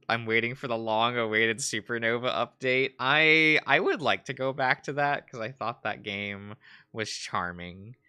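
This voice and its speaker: A man's voice: mid-range voice, slow pace, long pauses, pushed and bright, clear, resonant tone, faint music behind. A man chatting casually on a stream while drawing, giggling often and rambling as he searches for words. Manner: giggly, laughs often between phrases.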